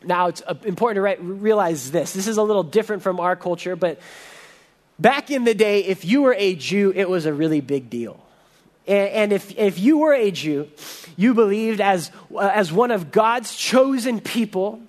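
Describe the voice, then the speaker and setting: A man preaching a sermon with a high-pitched voice. He speaks earnestly and with emphasis, and he often stumbles and restarts mid-sentence as he explains the passage. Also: expressive, moderate pace. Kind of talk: expository sermon.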